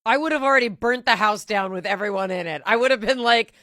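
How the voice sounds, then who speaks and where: Bright-voiced woman host reacting. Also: a little high, fast talker, no room sound. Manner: reactive, joking interjections. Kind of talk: casual chat.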